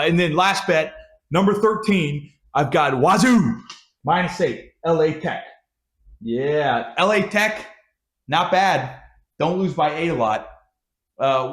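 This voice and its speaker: A young man hosting a casual sports betting show, talking picks with frequent swearing and heated rants. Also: fairly high pitch. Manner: profane, ranting, animated. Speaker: sports betting podcast host.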